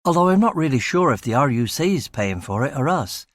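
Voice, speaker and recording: A man's voice: mid-range voice, sing-song, brisk, no echo, clean studio sound. A man voicing a young, eager and talkative male police constable in a crime audiobook, breezy and upbeat. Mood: chatty.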